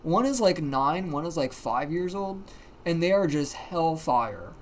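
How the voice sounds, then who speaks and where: A livestreamer telling a story in casual, animated talk, swearing often and using plenty of fillers. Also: medium pitch, measured pace, slight background noise. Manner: animated, profane, many fillers.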